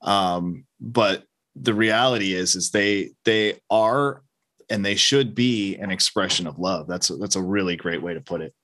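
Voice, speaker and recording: Male podcast guest, somewhat low voice, halting, repetitive phrasing, casual conversation. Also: a bit bright. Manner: halting, repeats words as he thinks.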